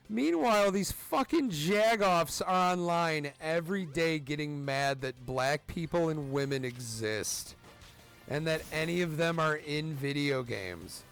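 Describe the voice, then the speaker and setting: A profane gaming streamer in his thirties who rants at whatever is on screen. His voice sits a little high and swings widely in pitch, with a gravelly rasp and an unhurried delivery. Faint game music plays behind him. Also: expressive, fairly bright tone. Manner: profane, ranting, trash-talks the game. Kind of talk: let's play commentary.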